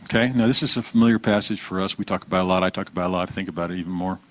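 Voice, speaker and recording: A man preaching a conversational sermon, relaxed, asking the congregation questions and repeating their answers. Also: low voice, rapid-fire. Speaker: pastor.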